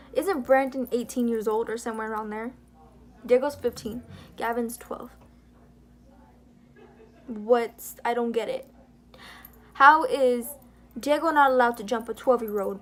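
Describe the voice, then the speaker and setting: A young woman vlogging, telling a story in a rambling, heated way and acting out what others said. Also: on the high side. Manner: rambling, heated, retelling drama with quoted dialogue. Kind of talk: casual commentary vlog.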